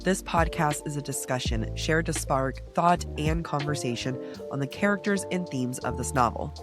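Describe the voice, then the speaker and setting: A woman co-hosting a book podcast in casual chat, slightly raspy and stuffed up from a cold, playful and quick to laugh. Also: low-pitched, music in the background. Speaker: podcast co-host.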